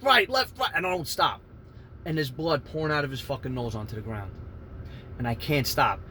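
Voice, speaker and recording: Loud, animated New man, storytime vlogger, crisp bright tone, slight background hiss. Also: medium pitch. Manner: animated, swears constantly, shouts out punches. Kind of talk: profane storytime monologue.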